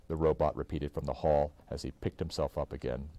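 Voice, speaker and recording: A man reading a children's book aloud to his child, with expressive, animated storytelling. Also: a bass voice, brisk, dry recording. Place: indoors.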